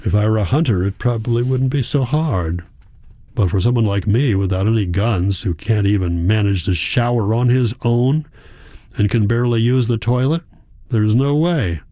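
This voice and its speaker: A man narrates a first-person story in a quiet, measured way. His voice sits low with a dark, mellow tone. The close mic sounds dry with no room behind it. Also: no echo. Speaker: audiobook narrator.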